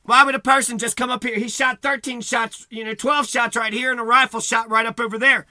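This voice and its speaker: A man's voice: very high voice, flat delivery, a little fast, sharp tone, no room sound, clean studio sound. A man delivering a profane, agitated rant to camera, repeating himself and swearing heavily. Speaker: vlogger.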